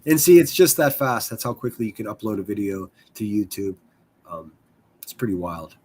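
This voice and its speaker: A man's voice: lowish voice, lively intonation, normal speed, a little mellow, a little hiss or hum. A man hosting a casual livestream, rambling and swearing freely as he chats with viewers. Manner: profane, rambling, self-deprecating. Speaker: livestream host.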